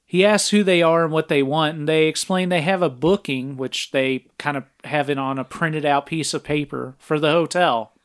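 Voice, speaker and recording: A man co-hosts a podcast, summarizing a film's plot scene by scene in an easygoing way. His voice sits a little high for a man, and he keeps stopping for filler sounds as he goes. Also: moderate pace, few pauses, clear, resonant tone. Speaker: podcast co-host. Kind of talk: casual film recap.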